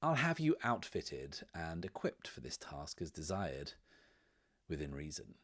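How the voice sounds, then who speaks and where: A man voicing a stern, commanding woman spymaster who speaks slowly and firmly in a hush. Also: extremely low pitch, very animated, exaggerated voice. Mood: measured.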